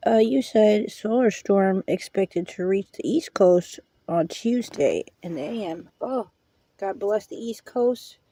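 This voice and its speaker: A woman's voice: mid-range voice, slow pace, mellow, slightly rough. A woman hosting a casual live-stream hangout, rambling in a folksy way and dropping prayerful asides. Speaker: livestream host.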